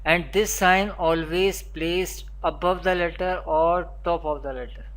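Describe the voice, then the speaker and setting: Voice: mid-range voice, steady tone, measured pace, a bit bright. A Quran teacher giving a beginner recitation lesson, naming letters one at a time and repeating spelling drills. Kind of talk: recorded beginner pronunciation lesson.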